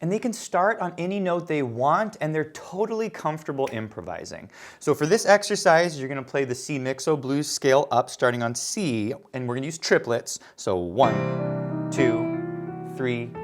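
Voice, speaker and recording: A man's voice: a little high, expressive, brisk, few pauses. A man teaching an online piano lesson, encouraging and counting beats aloud as he plays. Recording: piano playing under the voice.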